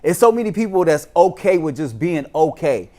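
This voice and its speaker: A man's voice: a little high, very animated, normal speed, a little mellow. A man co-hosting a sports talk show, arguing with exasperated passion and repeating himself for emphasis. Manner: impassioned, repetitive, exasperated. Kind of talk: casual sports debate.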